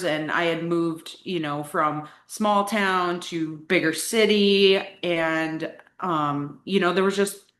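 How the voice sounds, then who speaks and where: A woman's voice: lowish voice, a bit bright. A young adult woman, a coaching client, telling her personal story in a casual, candid way, with lots of "like" fillers. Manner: candid, chatty, frequent "like" fillers. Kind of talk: casual interview talk. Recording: echoey room.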